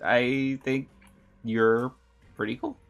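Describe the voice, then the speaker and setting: A woman's voice: a bass voice, fairly even intonation, takes it slowly. A woman streamer chatting casually while gaming, fumbling for words and giggling often.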